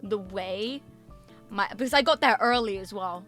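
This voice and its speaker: Bright, animated woman telling a story. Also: mid-range voice, moderate pace, faint music behind. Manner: animated, swearing, emphatic repetitions. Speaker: VTuber streamer. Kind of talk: casual storytelling chat.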